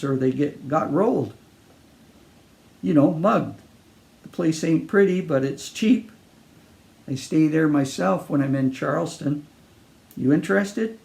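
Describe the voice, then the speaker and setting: A man doing a tall, talkative Australian drifter, breezy and chummy, with a pitch that jumps up on the friendly greetings. The gravelly, mellow voice underneath keeps him relaxed. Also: a little slow, pauses often.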